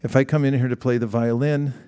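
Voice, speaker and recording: Middle-aged guy preaching to a crowd, chatty, throws questions at the room, mellow dark voice. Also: medium pitch, steady tone, fast talker, clear, resonant tone. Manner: conversational, questions the audience, acts out quoted exchanges. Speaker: spiritual teacher. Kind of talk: sermon to a live audience.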